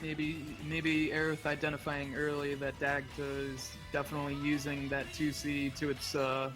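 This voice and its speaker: A man doing live esports commentary on a fighting game, his voice sitting a little high for a man. He talks easily through the action and jumps on big moments with quick calls. Game music plays clearly behind him. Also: poor audio. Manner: relaxed play-by-play with short excited calls. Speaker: tournament commentator.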